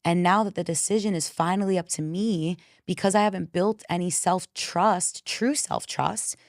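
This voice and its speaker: A woman with a low voice tells stories frankly and bluntly, swearing freely as she goes. She speaks as a coach and podcast guest in casual conversation. The sound is close and dry. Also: normal speed, no echo. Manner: frank, profane, animated storyteller.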